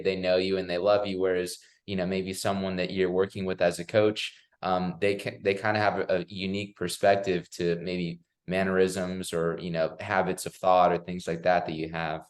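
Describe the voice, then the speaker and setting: Man, podcast host, very low voice, hesitant questions, roomy echo. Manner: hesitant, many "you know" fillers and restarts. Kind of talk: conversational podcast interview.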